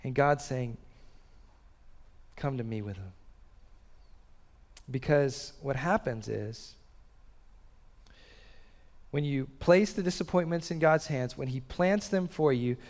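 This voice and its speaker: A pastor preaching a sermon, swinging from loud urgent bursts to quiet, slow drops. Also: male voice, medium pitch. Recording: long reverb of a large hall.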